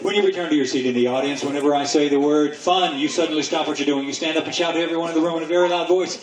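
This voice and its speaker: A man as a stage hypnotist giving suggestions and counts, teasing volunteers playfully and slowing into a soothing induction. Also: on the high side. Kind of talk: hypnosis show patter. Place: outdoors in a yard at night. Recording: distant camera, echoey, noisy crowd.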